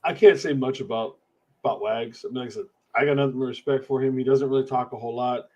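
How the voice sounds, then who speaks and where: A man's voice: mid-range voice, steady tone, fast, dark tone, dull audio. A man co-hosting a casual fan podcast, his voice in an everyday middle range. He sounds laid-back and chuckles often while he talks about the game. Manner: laid-back, laughs easily. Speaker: podcast co-host. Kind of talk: casual sports fan chat.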